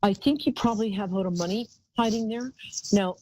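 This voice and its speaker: A woman's voice: medium pitch, quick pace, darkish tone, no echo, rough recording. A woman hosting a live call-in psychic show, talking in a chatty, rambling way and calling callers darling.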